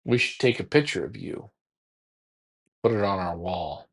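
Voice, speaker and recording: A man's voice: sits low, animated, a little slow, gravelly. A man hosting a pigeon racing show in casual talk, taunting a rival with repetitive trash talk.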